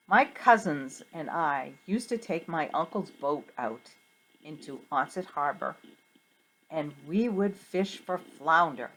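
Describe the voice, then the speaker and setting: A middle-aged woman teacher tells a Bible story to children in an animated, questioning way. She talks slowly, with a wide, sing-song pitch range. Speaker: Sunday school teacher.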